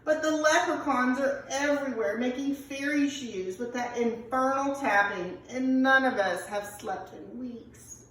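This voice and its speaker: A woman's voice: high voice, measured pace, few pauses, fairly bright tone. A teacher reading as a weary old Irish mother. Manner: tired, fussing. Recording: echoey classroom from far off.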